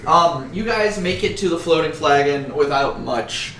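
A man's voice: a little high, expressive, a little slow, a bit bright, a little hiss or hum. A man casually narrating as game master of a tabletop game, joking with his players, recorded on a distant shared mic in an echoey room.

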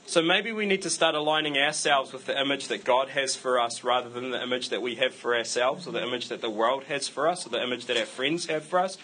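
A man's voice: mid-range voice, fast, few pauses, pushed and bright, slight background noise, low-quality recording. A man preaching a sermon to his church in a conversational way, breaking it up with self-deprecating jokes. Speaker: pastor.

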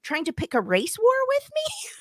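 A woman co-hosting a podcast, telling a story in a lively, indignant way and acting out the dialogue. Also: extremely high pitch, normal speed, no echo, studio quality. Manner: animated, indignant storyteller who acts out dialogue. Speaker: podcast co-host. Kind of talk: casual chat, storytelling.

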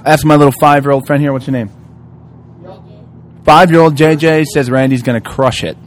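A man's voice: fairly high pitch, steady tone, moderate pace, a little hiss or hum. A man co-hosting a podcast, giving joking play-by-play banter live at an outdoor eating contest. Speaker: podcast co-host. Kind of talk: casual live commentary.

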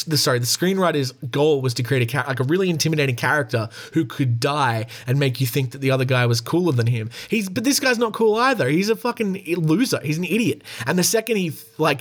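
A man giving a casual, rambling film review, frank and profane, with frequent fillers and chuckles. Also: a little high.

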